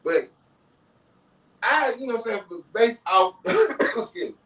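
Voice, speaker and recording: A man co-hosting a podcast in casual chat, animated, who keeps repeating "you know what I'm saying". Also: very high-pitched, measured pace. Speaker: podcast co-host. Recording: roomy echo, distant from mic.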